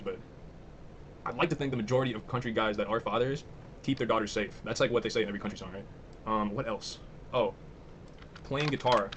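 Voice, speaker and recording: A man's voice: medium pitch, background noise. A young man giving casual, offhand commentary, thinking aloud and swearing as he browses. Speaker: vlogger.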